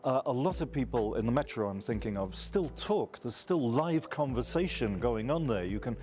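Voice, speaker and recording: A man from London, telling unhurried stories as a guest on a radio chat show. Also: mid-range voice, animated, darkish tone.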